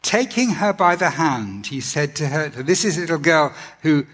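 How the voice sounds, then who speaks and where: A man preaching a sermon in an earnest, gentle way, often pausing with ums and restarting his sentences. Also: fairly high pitch, animated, breathy edge. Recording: long hall reverb.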